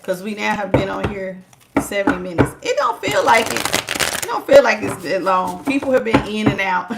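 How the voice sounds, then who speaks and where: A woman's voice: medium pitch, moderate pace, gravelly, very noisy. A woman giving a live-streamed tarot reading in a chatty, teasing way. She laughs often and calls her listeners child and honey. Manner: lively, teasing, talks straight to viewers. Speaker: tarot reader.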